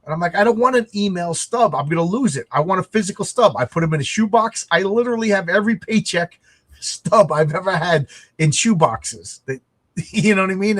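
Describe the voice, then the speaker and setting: Chatty American man, slightly high voice. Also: a bit bright. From United States. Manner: chatty, rambling with frequent restarts. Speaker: podcast co-host. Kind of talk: casual chat over a video call.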